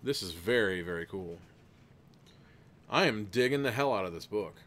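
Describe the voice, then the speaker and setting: A livestream host reads a gamebook aloud casually, letting chat vote, and fills the gaps between passages with rambling and laughter. He sounds animated at a normal speed, his lowish voice a little bright.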